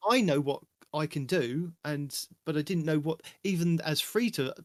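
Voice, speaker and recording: A man's voice: a little high, moderate pace, no room sound, studio quality. A man hosting a casual gaming podcast, chatting and reading through game update notes. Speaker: podcast host.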